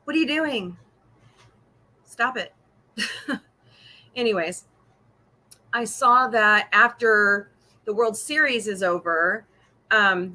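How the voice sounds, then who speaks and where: A woman's voice: mid-range voice, pushed and bright. A middle-aged woman from Missouri hosting a casual livestream chat, talking freely, laughing often and answering viewer comments. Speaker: podcast host.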